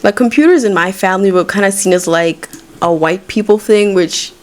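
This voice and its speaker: A woman's voice: medium pitch, normal speed. A woman giving casual, rambling let's-play commentary as she plays, swearing freely and talking to her game characters. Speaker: gaming video creator.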